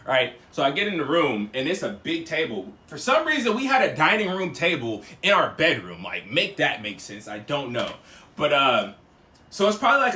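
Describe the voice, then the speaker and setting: Young man, high voice, bright tone, casual storytime vlog, slangy, emphatic, acts out dialogue. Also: echoey room. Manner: emphatic, acts out dialogue with big swings in loudness; slangy and conversational. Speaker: vlogger.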